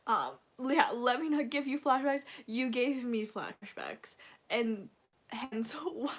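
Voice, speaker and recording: A woman's voice: on the high side, expressive, slow pace. A woman hosting a casual livestream, chatting to her viewers in a rambling, gushing way full of fillers. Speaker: livestream host.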